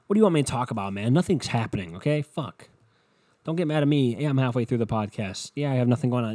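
A man's voice: mid-range voice, expressive, quick pace, warm tone, dry recording. A young man hosting a solo podcast, rambling in a profane, sarcastic, offhand way. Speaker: podcast host. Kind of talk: casual solo podcast rant.

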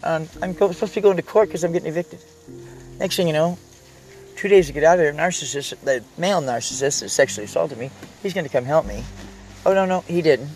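A man's voice: fairly high pitch, quick pace, darkish tone, soft background music, low-quality recording. A man rambling through a casual vlog from inside the vehicle he lives in, raw and heartfelt, often trailing off mid-thought. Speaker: vlogger.

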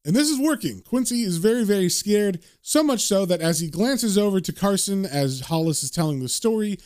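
A man casually retelling a comic book story, animated and relishing the gory scenes. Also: high-pitched, brisk.

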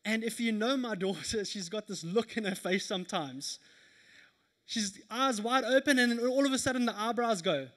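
Animated man preaching a sermon. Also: high-pitched, normal speed. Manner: animated storytelling with laughter. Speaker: pastor. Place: church service.

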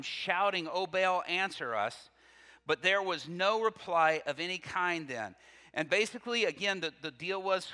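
A man preaching a sermon, reading scripture aloud with lively asides, laughing often and questioning his listeners. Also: high-pitched. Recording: long reverb from a hall.

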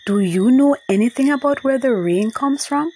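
A woman voicing an excitable, curious young girl who squeals and exclaims her questions in a children's storybook. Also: sits high, normal speed, slight background noise, pitched above the performer's own voice. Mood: eager.

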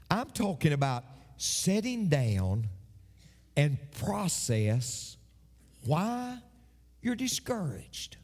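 A man's voice: mid-range voice, a little mellow, husky, big-room sound. A man preaching a sermon, emphatic and fond of repeating his phrases for effect. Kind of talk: sermon with a told joke.

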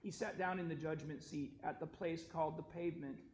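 Male scripture reader, steady and formal, high voice, echoey church sanctuary. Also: a little fast, a little hiss or hum. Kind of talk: liturgical gospel reading.

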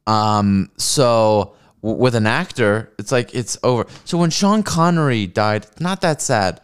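Lively, smooth-voiced man ranting on a podcast. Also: mid-range voice. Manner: profane, rambling, mocking. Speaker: podcast host. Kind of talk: solo comedy podcast rant.

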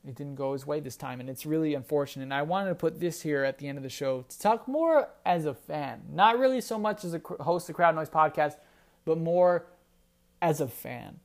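A man's voice: on the high side, expressive, a little fast. A man hosting a solo sports podcast, talking casually and rambling with restarts. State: briefly choked up. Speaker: podcast host.

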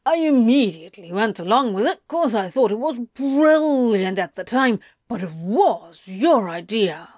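A woman voicing an excitable, tearful male demon who whines and pleads, in a storybook reading. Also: fairly high pitch, a little slow, hardly any pauses, dry recording, studio quality. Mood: whiny. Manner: whiny, emotional, pleading. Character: excitable weepy male demon, ginger-haired. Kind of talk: audiobook reading of fan fiction.

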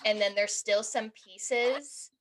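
A woman's voice: mid-range voice, slow pace. A woman in her thirties co-hosting a podcast, talking casually and animatedly, acting out what people said. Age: 30s. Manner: animated, acts out quoted voices. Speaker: podcast co-host. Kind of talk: casual conversation.

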